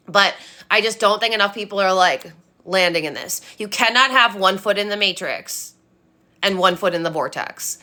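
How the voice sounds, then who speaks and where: A woman's voice: a little high, sharp tone. Emphatic, swearing young motivational woman. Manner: emphatic, blunt, swears freely; preachy, repetitive. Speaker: manifestation coach. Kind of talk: motivational monologue.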